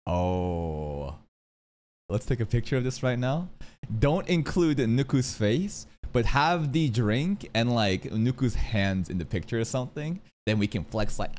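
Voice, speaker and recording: A man streaming a casual anime reaction, animated and swearing freely, dropping into low asides between excited outbursts. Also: unhurried.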